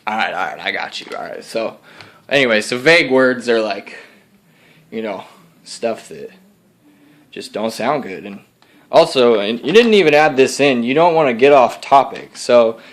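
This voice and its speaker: A man's voice: medium pitch, expressive, normal speed, natural voice. A young man voicing his laid-back Texan alter ego, a slangy bro who drawls and lectures with "dude" and "bro". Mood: cocky. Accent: Texas. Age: young adult.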